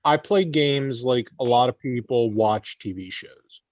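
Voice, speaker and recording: A man's voice: medium pitch, a little slow, no echo, lo-fi sound. A man who is a guest on a casual podcast, easygoing and matter-of-fact.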